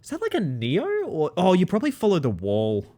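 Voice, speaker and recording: Male streamer, casual and playful; leaps from giddy highs to quiet mumbles while he plays. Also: brisk. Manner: playful, reads chat aloud and jokes, swings between excited yelps and low mutters. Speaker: live streamer. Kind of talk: casual live-stream chat while gaming.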